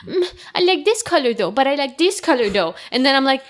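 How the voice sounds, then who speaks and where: A woman's voice: high voice, very animated, fairly quick, few pauses. A woman from Canada co-hosting a podcast, chatty and giggly in casual talk. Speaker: podcast co-host. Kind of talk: casual chat.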